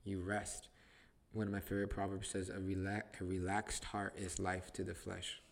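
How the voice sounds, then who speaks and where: A man's voice: deep voice, completely flat delivery, moderate pace, gravelly. A man hosting a podcast, teaching the Bible in casual conversation, emphatic and repetitive, restarting phrases to stress them.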